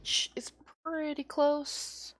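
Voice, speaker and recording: A woman streaming a game, thinking aloud and often trailing off quietly. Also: sits high, flat delivery, slow pace. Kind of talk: casual gameplay commentary.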